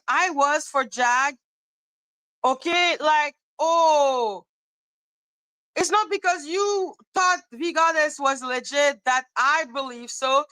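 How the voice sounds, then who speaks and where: A woman hosting a livestream, talking straight to her chat in an animated, repetitive rant broken up by laughter. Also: high-pitched, no echo, poor audio. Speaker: livestream host.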